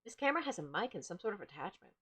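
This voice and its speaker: A woman's voice: medium pitch, very animated, rapid-fire, heavy background noise, natural voice. Woman doing a stammering young male lawyer. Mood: hesitant. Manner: hesitant, stammering.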